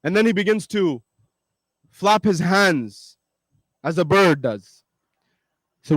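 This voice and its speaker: A male preacher tells a parable-like story to a congregation, repeating phrases for emphasis and calling out to his listeners. His voice is high for a man, and the recording is dry and close with no room sound. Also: lively intonation, a little slow, pauses often, no room sound, poor audio. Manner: emphatic, repetitive, addresses listeners directly. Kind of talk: storytelling sermon.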